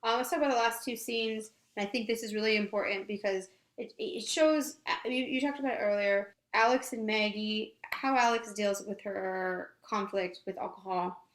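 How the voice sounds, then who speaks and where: A woman's voice: mid-range voice, steady tone, normal speed, roomy sound. A woman co-hosting a TV review podcast, leading the discussion in a thoughtful, casual way. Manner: thoughtful, hesitant restarts, leads the topics. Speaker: podcast co-host.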